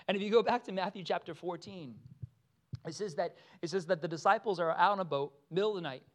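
Animated preacher man. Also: sits high. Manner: animated, acts out quotes with voices, laughs often. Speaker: pastor. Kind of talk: sermon.

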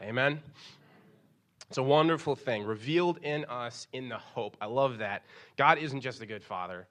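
A young man preaches a sermon in a bright, forward voice. He talks casually and animatedly, leaping up in pitch whenever he acts out what someone said. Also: moderate pace. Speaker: pastor.

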